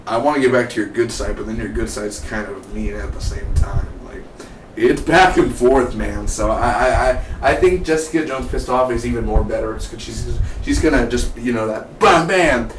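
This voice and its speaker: A man's voice: medium pitch, normal speed. A young man casually reviewing a TV episode, rambling and chatty with many restarts. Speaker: TV show reviewer. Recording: roomy, distant mic, faint hiss.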